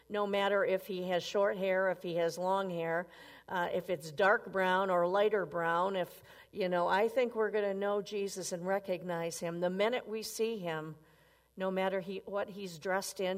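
A woman's voice: medium pitch, vocal fry. A woman preaching a sermon in a conversational way, often asking her listeners questions. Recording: long reverb.

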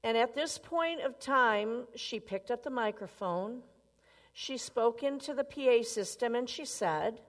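A woman's voice: fairly high pitch, lively intonation, unhurried. A woman preaching a sermon in a conversational way, often asking her listeners questions. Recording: long reverb.

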